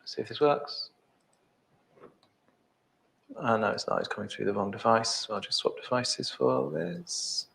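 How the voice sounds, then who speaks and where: A middle-aged man presenting a live software demo, thinking aloud with many ums and restarts. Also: on the low side, animated, measured pace, vocal fry, pauses often, a little hiss or hum.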